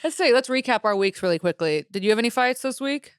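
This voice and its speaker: A woman's voice: a little high, expressive, fast talker, smooth, no room sound. Young woman, podcast co-host, casual chat, blunt, swears a lot, dry close sound.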